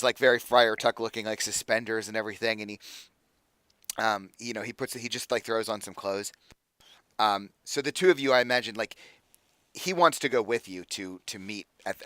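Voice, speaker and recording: A man's voice: lowish voice, a bit bright, no echo. A man narrating as game master in a casual, filler-heavy way.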